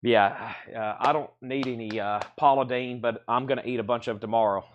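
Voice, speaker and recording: Through a muffled recording with a bit of hiss or hum, a man's mid-range voice comes across brisk and fairly even in intonation. He's hosting a live-stream sale, breathless as he chats and reels off record titles with their prices.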